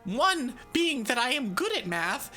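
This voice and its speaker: A woman's voice: sits high, sing-song, unhurried, sharp tone, soft background music. A woman streaming live and chatting casually with her viewers. She is bubbly and jokey, with a sarcastic edge, and laughs often. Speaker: VTuber streamer.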